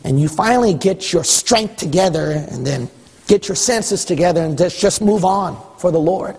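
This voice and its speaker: High-voiced, husky male preacher. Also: normal speed. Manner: emphatic preaching with repetition and rising shouts. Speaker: pastor. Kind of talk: sermon. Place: church. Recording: long hall reverb.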